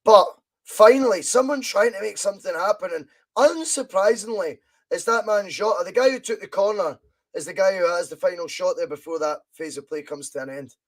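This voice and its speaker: A Scottish man with a slightly higher-than-usual voice gives chatty live fan commentary on a match as a podcast host. He talks along casually, reads out viewer comments, and breaks into excited shouts whenever his side goes close. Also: brisk.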